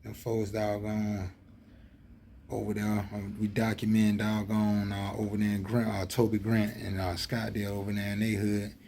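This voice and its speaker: A man's voice: lowish voice, completely flat delivery, moderate pace, vocal fry, dark tone, slight background noise. A man with an Atlanta Southern accent talking in a rambling, heated monologue full of fillers. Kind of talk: casual street talk monologue.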